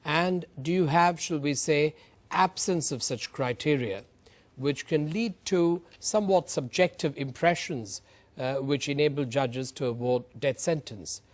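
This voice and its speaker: A man, a lawyer on a TV panel, making his case in deliberate, formal legal phrasing. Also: a little high. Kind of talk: panel debate argument.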